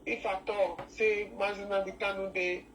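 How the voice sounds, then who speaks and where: Halting Nigerian woman caller, far off. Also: mid-range voice, level tone, a bit bright, a little hiss or hum. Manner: emotional, halting, many restarts. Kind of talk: call-in discussion, mixing English and Pidgin.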